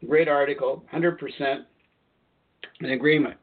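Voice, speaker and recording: A man's voice: a little high, fairly even intonation, measured pace. A man hosting a spiritual call-in radio show, talking in a rambling, chatty way and often correcting himself mid-sentence. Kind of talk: casual spiritual talk radio monologue. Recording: tinny phone-line sound.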